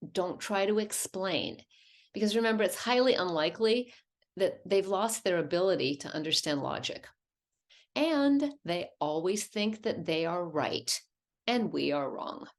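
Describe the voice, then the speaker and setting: A woman from a hospice presenting a caregiving webinar in a calm, explanatory way. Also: fairly low pitch. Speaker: hospice educator.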